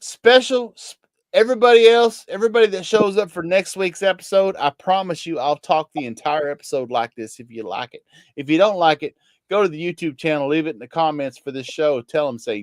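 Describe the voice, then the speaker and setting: A man's voice: fairly high pitch, fairly quick, no echo, clean studio sound, lightly acted. A man with a thick Kentucky country accent, playing a folksy country man giving homespun advice in a drawling, preachy way.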